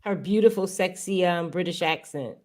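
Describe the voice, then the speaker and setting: A woman's voice: on the low side, moderate pace. A woman from Los Angeles, a guest YouTuber, chatting casually and asking curious, friendly questions. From Los Angeles, California. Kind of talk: casual live chat.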